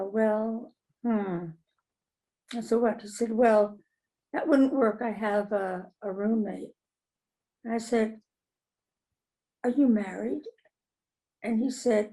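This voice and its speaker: A woman's voice: on the high side, steady tone, slow, pauses often, dark tone, low-quality recording. An older woman, a TV comedy writer, telling stories in conversation, acting out quoted voices and laughing often. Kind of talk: conversational storytelling.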